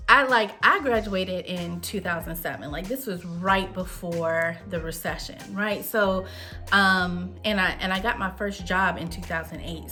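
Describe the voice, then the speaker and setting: A woman's voice: on the low side, sharp tone. A woman in her thirties, host of a wine show, telling a personal story in a chatty, candid way. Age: 30s. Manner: chatty, candid, with frequent fillers.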